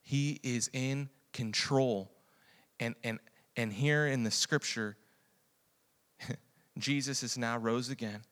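Male preacher, bright and forceful, drops quiet then builds loud and excited, laughs a lot. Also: mid-range voice, takes it slowly, long pauses. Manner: swings from quiet reflection to loud excited storytelling, laughs often. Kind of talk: sermon.

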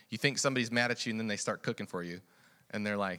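Male preacher, bright and forceful, drops quiet then builds loud and excited, laughs a lot. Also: on the low side, fast talker. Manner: swings from quiet reflection to loud excited storytelling, laughs often. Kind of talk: sermon.

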